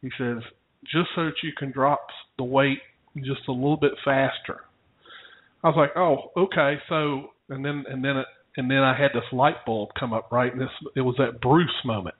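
A man's voice: mid-range voice, steady tone, normal speed. A man casually telling a rambling story to his co-host, often chuckling. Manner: rambling, chuckling anecdote teller. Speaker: podcast co-host. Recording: tinny phone-like audio.

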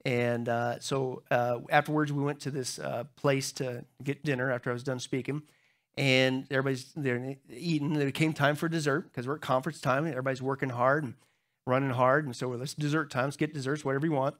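A middle-aged man preaching a sermon as pastor, telling funny stories to the congregation and jumping into high voices when he acts out other people. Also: brisk. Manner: humorous storytelling, talks to the crowd; animated, jumps into high squeaky voices when acting out others.

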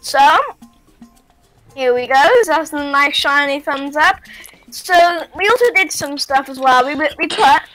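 A woman talks her way through a building game in loose, rambling chat, giggling and tripping over her words. Her voice sits high and sounds bright and forward. Faint music plays behind her. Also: unhurried, dry recording, low-quality recording. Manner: rambling, giggly, self-correcting. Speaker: gaming YouTuber. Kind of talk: casual gameplay chat. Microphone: webcam and headphones at a computer.

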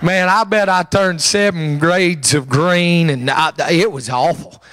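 A man's voice: fairly high pitch, a little slow, a bit bright, no echo. A man making church announcements, telling stories in a folksy, joking way and chuckling between lines. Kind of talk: pulpit announcements and storytelling. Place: church sanctuary.

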